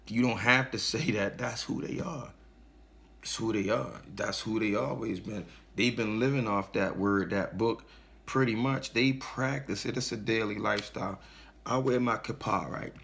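A man's voice: fairly low pitch, steady tone, normal speed, creaky, a bit bright. A man delivering an aggressive, profane religious rant straight to his audience, preaching and mocking. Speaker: online commentator. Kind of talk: angry religious rant to camera.

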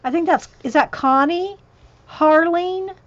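Her voice very high-pitched and slow, in lo-fi sound, a woman goes through a list of channels on her home craft livestream. She chats and rambles, interrupts herself to speak to her cat, and her voice is tiring; the craft room has a ring light.

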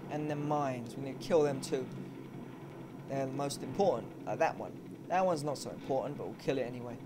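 A man with a mid-range voice gives casual let's-play commentary, talking fairly quickly, cursing, chatting, and muttering at the game as he plays. Game sounds and engine noise run beneath his voice.

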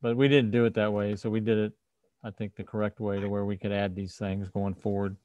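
A man with a fairly low voice hosts a casual tech livestream from a video call. The sound is dry and close. He explains step by step and often restarts his sentences mid-thought. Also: level tone, fairly quick, darkish tone, dry recording, highs cut off. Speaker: host, firmware developer.

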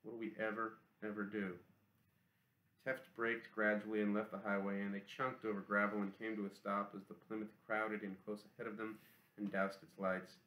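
A man narrating an audiobook in a steady, even reading voice. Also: lowish voice, fairly quick, roomy sound, poor audio.

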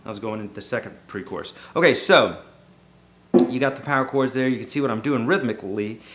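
A man's voice: mid-range voice, quick pace. Laid-back man teaching guitar. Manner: loose, joking, self-deprecating. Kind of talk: casual guitar lesson. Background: guitar playing.

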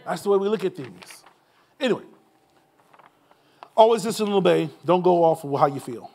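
A man's voice: high voice, lively intonation, moderate pace, a little mellow. A male pastor telling a personal story in an informal church Q&A, acting out the voices of the people in it and laughing at his own jokes.

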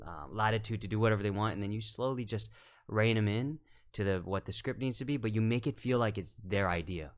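A man with a fairly low voice talks through his craft in a loose, unhurried podcast chat. His speech is thoughtful and full of "you know" and "like". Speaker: film director guest.

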